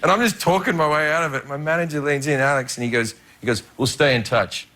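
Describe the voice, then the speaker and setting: A male stand-up comedian telling an animated anecdote as a talk show guest, laughing often. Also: a little high, fast talker.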